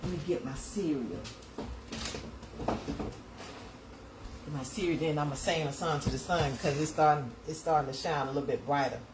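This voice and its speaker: A woman with a Georgia Southern accent hosts a livestream from her kitchen, chatting casually with viewers while making breakfast and repeating her phrases. Her low-pitched voice is steady and fast with few pauses, over noisy home audio.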